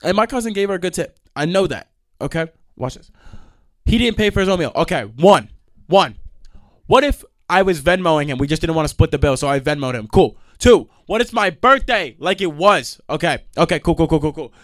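A young man hosting a podcast, ranting in a profane, animated way with sudden loud outbursts. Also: on the high side, fairly quick, no room sound, studio quality. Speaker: podcast host. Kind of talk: ranting monologue.

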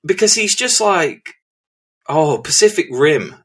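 An English man co-hosting a podcast, chatting casually about films, animated and swearing freely. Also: on the high side, takes it slowly, slightly rough. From England. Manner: animated, swears freely, trails off mid-thought. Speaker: podcast co-host. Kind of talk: casual film chat.

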